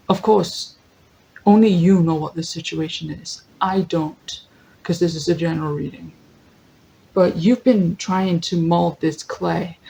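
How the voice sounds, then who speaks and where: A tarot reader gives a casual general reading, thinking out loud, correcting herself often, laughing easily and reading lists from a guidebook. Her chatty voice is medium-pitched and mellow with vocal fry, captured on a low-quality recording.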